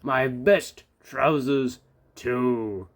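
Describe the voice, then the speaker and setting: A man's voice: mid-range voice, extremely slow. A man voicing a pompous, stout railway boss who scolds crossly in a storybook reading. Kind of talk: storybook read-aloud.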